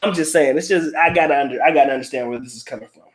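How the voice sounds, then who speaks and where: A man's voice: medium pitch, racing. A middle-aged man hosting a casual livestream, reading viewer comments aloud in a blunt, profane, slangy way with frequent laughs.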